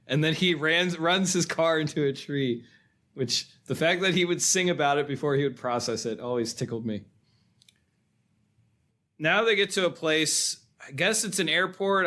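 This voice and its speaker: A man's voice: fairly high pitch, fairly bright tone. A man co-hosting a film podcast, talking casually and chuckling as he recounts scenes. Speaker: podcast co-host.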